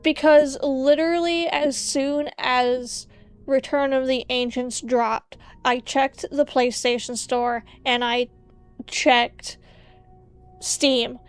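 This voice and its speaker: Female streamer, unhurried casual chat, smooth clear voice, opinionated and playful. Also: high voice, fairly even intonation, soft background music. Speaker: VTuber streamer.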